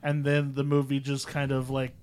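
A man in casual movie chat with friends, retelling scenes and slipping into quick acted-out quotes. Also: medium pitch, monotone, darkish tone, clear, resonant tone.

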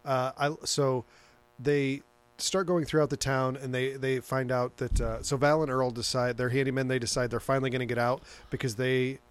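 A man's voice: mid-range voice, level tone, moderate pace, hardly any pauses, clean tone. A man hosting a casual chat, rambling through a movie recap with plenty of swearing and laughter. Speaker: podcast host recapping a movie.

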